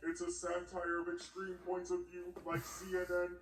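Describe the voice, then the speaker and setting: A man trading smug deadpan quips as a sidekick in a comedic review. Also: high-pitched, moderate pace. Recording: distant, echoey, noisy.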